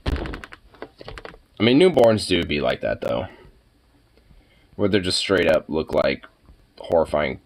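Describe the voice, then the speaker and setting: A man's voice: deep voice, sing-song, slow, long pauses, a little hiss or hum. A young man chatting casually as he reacts to pet pictures, swearing, exclaiming and laughing often.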